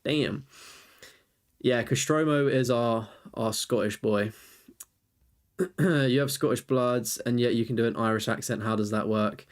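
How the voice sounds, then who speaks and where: A man's voice: medium pitch, fairly even intonation, unhurried, long pauses. A young man chatting casually on a live stream, rambling as he reviews viewers' lists and answers chat.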